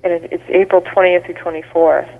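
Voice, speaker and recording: A man's voice: high-pitched, little pitch movement, brisk, creaky. A man chatting as a guest on a radio show, explaining at length. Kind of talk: casual phone interview. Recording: tinny phone line with reverb.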